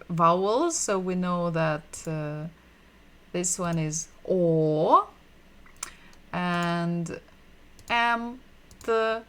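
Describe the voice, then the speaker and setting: Woman, language teacher on a livestream, bright tense tone, unhurried, repeats each word for drilling. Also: on the low side, smooth. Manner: patient, repeats sounds and words slowly for drilling.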